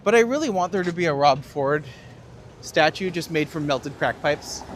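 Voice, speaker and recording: A man's voice: fairly high pitch, moderate pace, background noise. A man hosting a walking tour livestream, chatting and joking casually as he walks city streets. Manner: joking, lively banter. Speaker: tour guide and streamer host.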